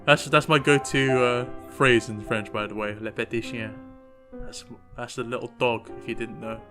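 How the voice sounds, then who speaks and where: A man's voice: medium pitch, steady tone, normal speed. A man commentating his own video game playthrough, making joking, self-mocking asides. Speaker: gaming channel host. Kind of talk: let's play commentary. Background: game music.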